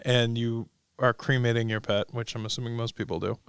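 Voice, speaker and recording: A young man hosts a casual studio podcast, joking and jumping in quickly to react. His voice is smooth and clear at a middle pitch. The sound is dry and close. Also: level tone, no room sound. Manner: playful, jokey, quick to react. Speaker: podcast host. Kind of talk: casual chat.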